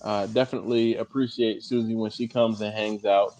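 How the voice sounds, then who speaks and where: A man hosting a casual barbecue livestream, animated and laughing often, reading comments aloud and breaking into high put-on voices. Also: brisk. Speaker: livestream host. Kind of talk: casual live-stream chat.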